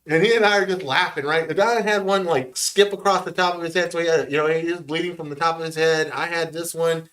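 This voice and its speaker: A man telling a story in casual podcast chat, profane and animated. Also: a little high, fast, few pauses.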